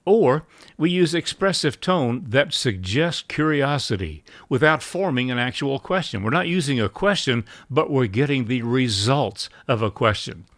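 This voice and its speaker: A man giving a measured sales training talk, acting out short sample lines between buyer and seller. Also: mid-range voice, lively intonation, no room sound. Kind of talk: instructional talk.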